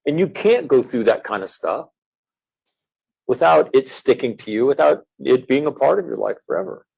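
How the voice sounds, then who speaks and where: A middle-aged man, a former Marine, talking in an earnest, measured way with frequent fillers as an interview guest. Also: medium pitch, animated, gravelly, a little mellow, breathy edge, poor audio. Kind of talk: reflective interview talk.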